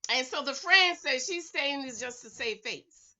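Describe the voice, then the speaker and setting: Sassy, lively woman vlogger talking to viewers. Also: sits high, a little slow. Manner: sassy, animated, calls viewers y'all, honey and girl. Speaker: reality TV recap vlogger. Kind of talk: casual chatty commentary to viewers. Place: at home.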